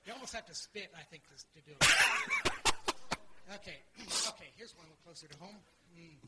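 A man's voice: fairly high pitch, animated, normal speed. A man guest-performing at a live church service, playful and joking between his bits, on a noisy live mic.

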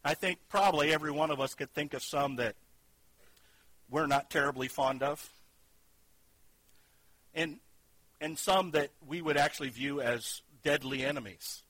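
A man preaching a sermon, earnest, moving between loud emphatic lines and quiet hushed ones. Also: fairly high pitch, moderate pace, long pauses, no echo, rough recording. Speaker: pastor.

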